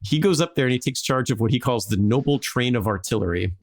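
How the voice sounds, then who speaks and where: A man's voice: mid-range voice, animated, fast. A man hosting a podcast, telling a history story casually with lots of "like" and jokey acted-out quotes.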